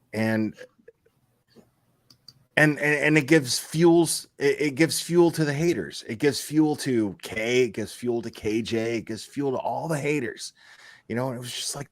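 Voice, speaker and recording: A man's voice: medium pitch, no room sound, clean studio sound. A man hosting a casual chat, venting heatedly and swearing often, repeating himself as he talks. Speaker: YouTube channel host.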